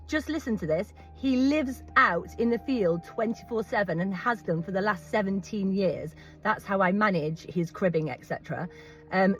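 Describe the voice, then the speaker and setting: A middle-aged British woman who owns horses, talking straight to camera in a firm, emphatic way that repeats her points. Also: mid-range voice. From Britain. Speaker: horse owner. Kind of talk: vlog monologue.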